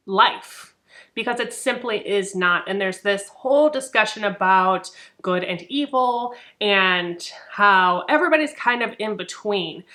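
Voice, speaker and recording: A young adult woman talking casually and chattily about books in a vlog, animated, with frequent fillers. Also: mid-range voice. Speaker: book reviewer. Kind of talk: casual book review vlog.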